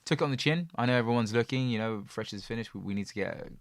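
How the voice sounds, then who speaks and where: A man co-hosting a podcast, telling stories in a lively casual way and laughing often. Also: medium pitch, fast, no room sound, clean studio sound. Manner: animated storyteller, laughs often. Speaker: podcast co-host. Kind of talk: casual chat.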